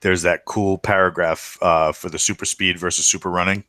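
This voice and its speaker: A man's voice: low voice, flat delivery, normal speed, pushed and bright, dry recording. A man playing in a tabletop game, chatting casually with enthusiasm and laughing often. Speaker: player. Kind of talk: casual tabletop podcast chat.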